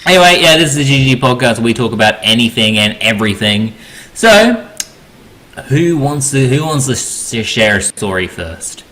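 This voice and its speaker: A man's voice: medium pitch, very animated, moderate pace, pushed and bright. A man hosting a casual podcast chat, laughing often and stammering as he restarts sentences. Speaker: podcast host.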